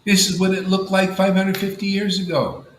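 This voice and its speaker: A man with a fairly high voice gives a loose, conversational spiritual talk to a gathered group, drifting between thoughts and tossing in "you know" and "man". The room is echoey, and faint ambient noise hangs behind him. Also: flat delivery, moderate pace. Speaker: spiritual teacher leading a devotee gathering. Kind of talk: informal devotional talk.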